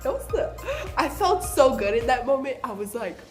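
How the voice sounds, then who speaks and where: A young woman recounts her childhood in a loose, chatty vlog, her voice sitting a bit high. She jumps into little acted-out bits of dialogue as she goes. Soft music plays faintly behind her. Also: normal speed. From Southern California. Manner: chatty, animated, acts out quoted voices. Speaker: vlogger. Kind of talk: casual storytelling.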